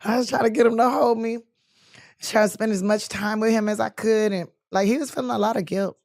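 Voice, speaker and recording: Animated woman telling a story. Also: a little high, brisk, creaky, no room sound, studio quality. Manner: animated storyteller acting out quoted voices. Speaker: guest. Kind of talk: storytelling interview.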